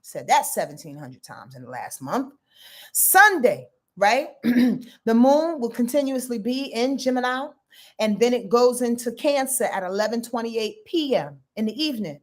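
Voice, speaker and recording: Female astrologer, fairly high voice, lively and emphatic, drops profanity, talks right to the audience. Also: normal speed. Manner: animated, emphatic, profane, talks to viewers directly. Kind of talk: casual astrology forecast livestream.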